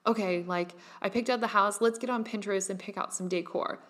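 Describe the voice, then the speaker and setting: A young woman in her twenties talks to her online audience in a rambling, casual monologue. She leans on filler words and drifts into a slow, dreamy drawl when she imagines things. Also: mid-range voice, steady tone, a bit bright. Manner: chatty and rambling, with frequent "like" fillers; breaks into laughs and swears lightly. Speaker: online creator speaking to her followers.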